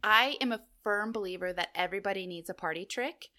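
A woman's voice: medium pitch, fast talker, sharp tone. A woman co-hosting a podcast, chatting casually, giggling and joking, and reading out a list. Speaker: podcast co-host.

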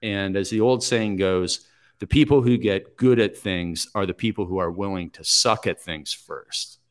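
A man in his forties, a podcast guest telling stories from his life in a reflective, steady, plain-spoken way. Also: low voice, measured pace. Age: 40s. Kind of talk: conversational interview storytelling.

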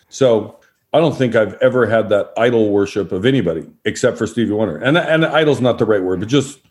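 A middle-aged man, a former sports broadcaster, telling relaxed anecdotes as a podcast guest and acting out quotes. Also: fairly low pitch. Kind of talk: storytelling in a podcast interview.

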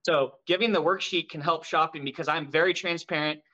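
This is a man guesting in a casual podcast chat about running a mortgage brokerage. He talks with high energy and animated storytelling, and his voice is bright and forceful and sits a little high for a man. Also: fairly quick, dull audio.

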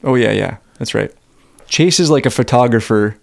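A man's voice: medium pitch, normal speed, gravelly, no echo, studio quality. A man co-hosting a podcast, laid-back and chiming in with casual, profane asides about a movie. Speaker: podcast co-host. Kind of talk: casual movie-recap chat.

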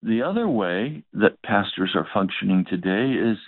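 A male pastor tells a story in his sermon, acting out each side of the dialogue. His voice is low-pitched and gravelly. The recording is dry and narrow, like a phone line. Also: expressive, moderate pace, no echo.

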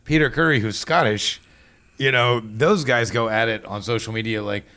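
A man's voice: mid-range voice, moderate pace, bright, forceful tone. A man co-hosting a casual wine talk show, teasing and laughing easily. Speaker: co-host. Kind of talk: casual chat.

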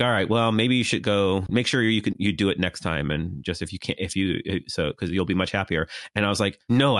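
A man's voice: fairly low pitch, a bit bright, no room sound, studio quality. A man in his thirties co-hosting a podcast, casually telling a rambling, self-deprecating story and acting out the dialogue. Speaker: podcast co-host.

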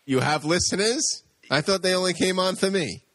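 A man's voice: high-pitched, moderate pace, fairly bright tone, dry recording, voice pushed up. A man doing a brash boozy Brooklyn tough guy. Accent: Brooklyn, put on. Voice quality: gruff, slurring drinker. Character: boozy male comic-book bully, adult, brash.

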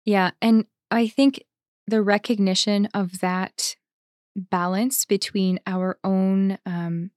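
This is a woman, a religious sister, talking through spiritual reading with a fellow sister. Her voice sits in a middle register and the recording is dry and close. She reflects out loud, pausing on fillers and laughing easily. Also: medium pitch, flat delivery, dry recording. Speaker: religious sister, podcast co-host. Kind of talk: reflective conversational discussion.

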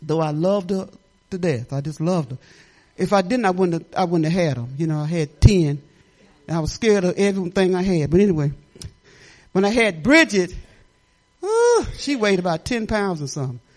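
An older woman preaching a testimony at church, fervent and repetitive, with bursts of laughter and sudden shouts. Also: lowish voice, expressive, moderate pace. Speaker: church speaker.

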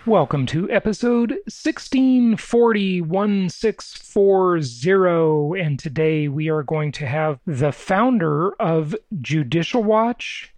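A man's voice: sits high, expressive, slow, hardly any pauses, darkish tone, dry recording. A man hosting his own podcast, talking casually and emphatically to listeners, often repeating words for effect. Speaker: podcast host. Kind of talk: casual solo monologue.

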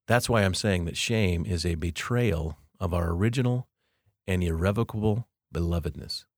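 A man hosting a podcast, giving a reflective devotional monologue with slow, deliberate, emphatic phrasing. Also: low voice, no echo, clean studio sound. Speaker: podcast host.

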